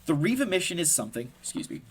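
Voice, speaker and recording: Racing along in a husky, fairly high voice, this man passionately walks through a strategy game as a gaming content creator. The commentary is casual and emphatic, peppered with "right?", and he's animated, laughing at his own remarks.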